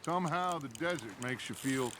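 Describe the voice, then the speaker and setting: An actor playing a middle-aged, charismatic gang leader who talks in an expansive, theatrical way in a game. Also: male voice, mid-range voice, expressive, normal speed, close to an everyday voice. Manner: expansive, theatrical, fond storytelling. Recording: game audio with loud background noise.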